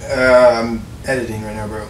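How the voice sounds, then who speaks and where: A man's voice: mid-range voice, steady tone, normal speed, slight background noise. A man in a comedy sketch, reluctant and whiny, using casual slang, in a roomy, distant home recording. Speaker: co-host.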